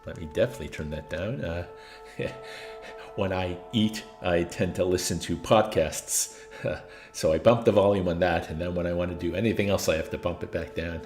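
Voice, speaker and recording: A man's voice: low voice, normal speed, darkish tone, roomy sound, soft background music. Man chatting through a game stream. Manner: chatty, greets chat, laughs at himself. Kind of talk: casual gameplay commentary.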